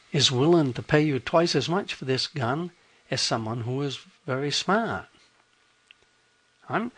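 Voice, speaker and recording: A man's voice: mid-range voice, breathy edge. A man hosting a radio program, talking to listeners in a folksy monologue with dry, wry humor. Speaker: radio host.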